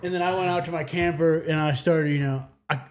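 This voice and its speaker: A man from Michigan, a hunting guide, recounting stories in a relaxed interview. His voice sits a bit high for a man, and he laughs often and restarts his sentences as he talks. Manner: halting, laughing, many restarts. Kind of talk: casual storytelling in an interview. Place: a house in the countryside.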